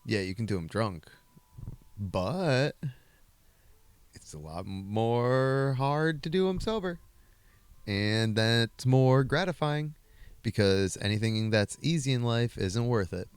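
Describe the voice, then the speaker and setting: A man's voice: medium pitch, expressive, slow, long pauses, clear, resonant tone, no echo. A man co-hosting a comedy podcast, telling a story in a rambling, profane, self-mocking way. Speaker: podcast co-host.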